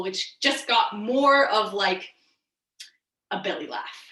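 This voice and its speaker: A woman's voice: mid-range voice, slow pace, bright, forceful tone. A woman guiding a movement lesson in a playful way, laughing easily as she explains. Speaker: energy work teacher. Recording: echoey room.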